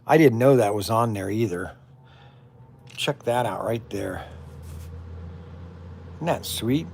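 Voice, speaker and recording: A man chats his way through a hobby build on a live stream, taking his time over every word. His banter is playful, and he often drifts into mock-whining. He talks to himself at a relaxed, unhurried pace. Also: fairly low pitch, gravelly, a little hiss or hum. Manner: talks to himself while working. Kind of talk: casual live stream chat while building.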